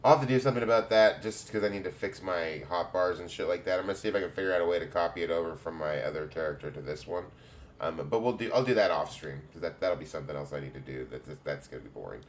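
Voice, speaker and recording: A man's voice: low voice, fast talker, a little hiss or hum. A man streaming a game, muttering wry, casual asides with some profanity. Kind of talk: casual gameplay commentary.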